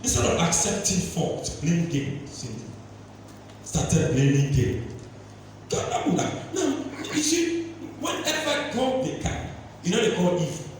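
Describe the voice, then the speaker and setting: A man from Leone, preaching a sermon and firing off rhetorical questions that climb into shouts. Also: high voice, lively intonation, unhurried, a little hiss or hum. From Sierra Leone. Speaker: pastor. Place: large church hall. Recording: echoey church hall, distant mic.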